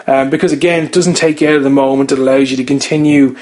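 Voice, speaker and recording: A man's voice: medium pitch, steady tone, quick pace, a little mellow. A man casually reviewing a TV episode, rambling with many fillers and restarts as he gives his opinions.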